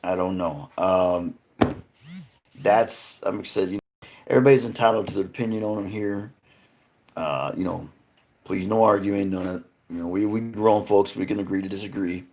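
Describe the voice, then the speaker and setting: A man's voice: sits low, darkish tone. A man hosting a live stream, rambling earnestly to his chat with frequent restarts. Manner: rambling, halting, many restarts; earnest, talks to chat viewers by name.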